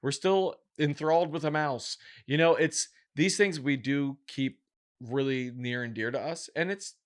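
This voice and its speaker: A man's voice: fairly high pitch, measured pace. A man co-hosting a podcast, chatting casually in a joking, rambling way. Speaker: podcast co-host. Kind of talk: casual chat.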